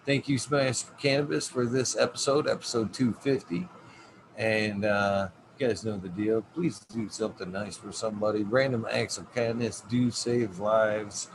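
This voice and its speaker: A man's voice: lowish voice, fairly even intonation, normal speed, noisy background. A man hosting a casual livestream podcast, laid-back and swearing freely as he talks to his chat. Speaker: podcast host.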